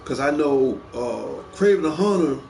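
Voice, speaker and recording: A man's voice: on the high side, animated, measured pace, vocal fry, darkish tone, slight background noise. A man hosting a casual show, chatting eagerly about movies and rambling with lots of repeated words. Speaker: show host. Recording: echoey room.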